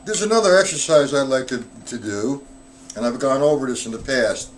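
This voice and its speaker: A man with a mid-range voice teaches drumming on a live stream, explaining strokes step by step. He counts the beats aloud in a steady, patient way. Loud noise sits behind his voice. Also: mid-range voice, brisk. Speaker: drum teacher. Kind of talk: live-streamed music lesson.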